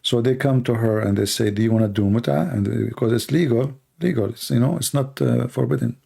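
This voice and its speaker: Hoarse, gravelly man firing rhetorical questions. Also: mid-range voice, a little fast, dark tone. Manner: argumentative, fires rhetorical questions; non-native English phrasing. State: hoarse, coughing. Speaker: debate livestream host. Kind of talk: live stream Q&A monologue.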